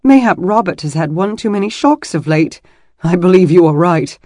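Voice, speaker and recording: A man voicing a gentle, teasing medieval warrior who speaks low and tenderly. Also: lively intonation, normal speed, no echo, clean studio sound.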